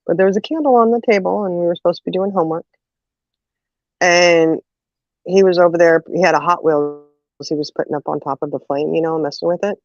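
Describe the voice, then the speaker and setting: A woman hosts a casual chat in a lowish voice at a quick pace, telling family stories full of laughter and "you know"s while acting out the voices of the people in them. The audio is dull and muffled, with no echo.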